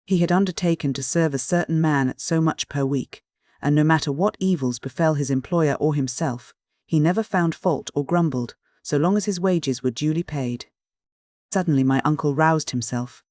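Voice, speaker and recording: A man's voice: fairly high pitch, normal speed, no echo. Dry, close male audiobook narrator. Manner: steady, clear first-person storytelling. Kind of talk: scripted narration of a classic novel.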